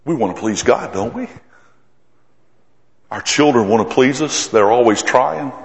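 A man preaching a sermon at a middle pitch. His delivery swings from forceful, climbing emphasis to quiet, drawn-out asides. The voice rings through a large, echoey hall with a long reverb tail. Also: lively intonation.

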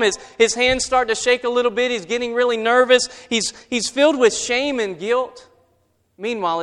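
A preacher with a very high voice tells a parable in a sermon, and his words ring out with a long reverb as if in a large hall. He shifts from rising energy to hushed, tender passages as he tells the story. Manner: storytelling, builds intensity, drops to quiet for emotion. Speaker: pastor.

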